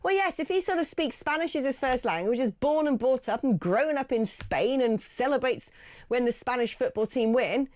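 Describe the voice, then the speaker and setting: A woman from Gloucester hosting a radio phone-in, chatty and quick to react, reading out listener messages. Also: sits high, animated, darkish tone. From Gloucester, England. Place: radio studio.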